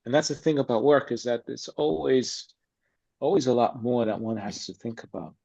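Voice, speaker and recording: A man's voice: medium pitch, normal speed, gravelly, dark tone. A man speaking as a podcast guest about acting, blunt and emphatic in a streetwise way. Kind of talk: casual interview chat. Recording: slightly dull lo-fi sound.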